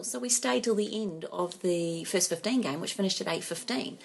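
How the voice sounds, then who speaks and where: A woman's voice: lowish voice, moderate pace, creaky, few pauses, slight background noise. A middle-aged woman, co-hosting a casual chat and telling a story animatedly, acting out quotes and laughing often. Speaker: podcast co-host. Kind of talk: casual chat among friends.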